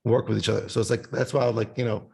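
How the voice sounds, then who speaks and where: Speaking very fast, a male musician on a podcast rambles through a casual chat, swearing frequently and bursting into sung fragments. Of Italian family background, he has a warm, mid-range voice with vocal fry and little pitch movement.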